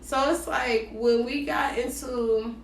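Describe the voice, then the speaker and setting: A woman telling a dating story in a casual, slangy, animated way, acting out both sides of the conversations. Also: high-pitched, slow, gravelly, far from the mic, a little hiss or hum. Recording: roomy echo, voice set back from the mic.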